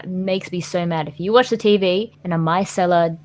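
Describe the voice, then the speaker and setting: A woman's voice: on the low side, steady tone, a little fast, a little mellow. A young woman, a podcast guest, chatting casually and ranting with exasperation. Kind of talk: casual chat.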